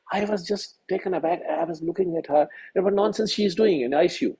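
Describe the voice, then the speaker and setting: A middle-aged man from Pakistan, a senior physician telling a personal story over a video call, halting and earnest with many fillers and restarts. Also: high voice, gravelly, darkish tone, husky, low-quality recording.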